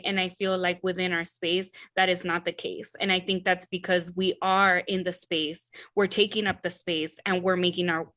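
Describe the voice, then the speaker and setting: Earnest young woman, low flat voice. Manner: earnest, measured, with frequent ums and rights. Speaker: panelist. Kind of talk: casual talk on a video call. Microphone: video call.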